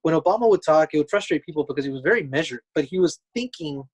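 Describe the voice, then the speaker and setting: A young man co-hosting a podcast in casual chat, easygoing and quick to laugh, explaining his points at length. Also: fairly high pitch, expressive, slightly rough, poor audio. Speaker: podcast co-host.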